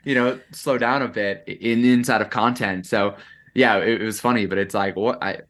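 With a lowish, slightly bright voice, steady tone, and normal speed, a young adult content creator chats reflectively as a podcast guest. He talks in bursts, saying "like" a lot and often starting over.

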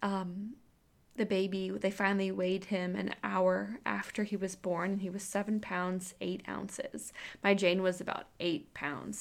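Chatty woman with vocal fry. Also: mid-range voice. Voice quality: creaky fry, filler-heavy with "like" and "um". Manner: animated retelling, acting out quoted lines. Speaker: mother telling her birth story. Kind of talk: casual personal storytelling.

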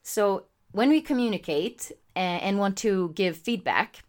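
In a medium-pitched, slightly slow voice, a talkative woman runs a casual podcast from her home setup, also broadcasting live. She stays animated and keeps acknowledging her live viewers.

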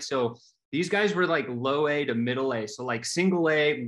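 A middle-aged man telling his story in a casual chat, animated and full of fillers, acting out the voices he quotes. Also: mid-range voice.

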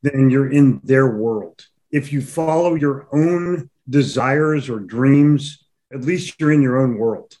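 A man's voice: mid-range voice, slow pace, dark tone. A man co-hosting an interview, offering brief reflective remarks and teasing the guest. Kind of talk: conversational interview.

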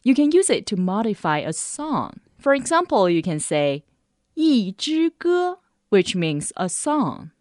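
A woman hosting a radio language lesson, saying model phrases slowly and carefully. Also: on the low side, big pitch swings, a little mellow, no echo, clean studio sound. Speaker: language teacher and host.

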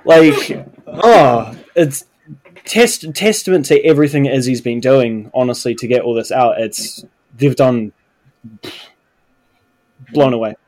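A woman from New Zealand with a New Zealand accent, chatting in an interview, animated and laughing, stumbling over words. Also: very deep voice, takes it slowly, long pauses. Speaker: film crew member. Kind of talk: casual interview chat.

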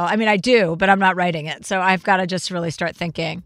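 A woman hosting a podcast in casual chat, blunt and profane, talking fast and freely. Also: lowish voice, fairly even intonation, fairly bright tone, no echo. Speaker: podcast host.

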